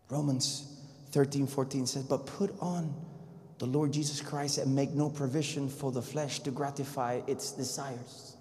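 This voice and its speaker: A man preaching a sermon in a casual, conversational way, telling a story and swinging between loud bursts and hushed, near-whispered passages. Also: a little high. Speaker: pastor. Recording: long echo of a large hall.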